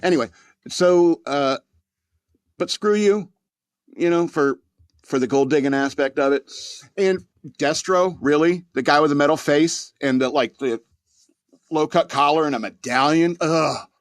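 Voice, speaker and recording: A man's voice: on the high side, normal speed, dry recording, studio quality. A man hosting a podcast, rambling through a crude, mock-angry comedic rant and laughing at his own jokes. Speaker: podcast host.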